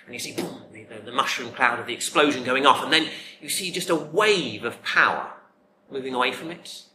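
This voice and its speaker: A man preaching a sermon, emphatic, with dramatic pauses and repeated words. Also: mid-range voice, a crowd in the background.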